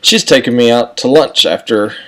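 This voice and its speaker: A man's voice: mid-range voice, moderate pace, bright, forceful tone, lightly acted. A man quoting his tall, lanky roommate in a plain, matter-of-fact tone, close to his own voice. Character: tall lanky male roommate, reluctant then pleased.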